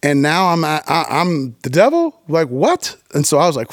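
A middle-aged man from New York telling stories as a podcast guest, animated and profane, with quick restarts and acted-out quotes. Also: a little high, no echo, clean studio sound. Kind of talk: casual interview storytelling.

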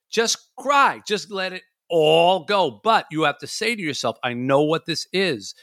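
Bright-sounding guy chatting casually, acts out his inner voice, dry close mic. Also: a little high, expressive, moderate pace, hardly any pauses, no echo. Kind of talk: casual chat.

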